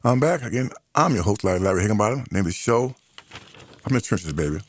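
Earnest radio host, lively pitch. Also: male voice, fast. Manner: earnest, repetitive, conversational with restarts. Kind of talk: talk radio monologue.

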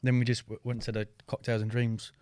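A man's voice: medium pitch, flat delivery, brisk, a little mellow, dry recording. A young man trades blunt, laddish banter on a podcast in an ordinary mid-range voice. He speaks close to a dry mic. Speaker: podcast co-host. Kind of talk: casual chat.

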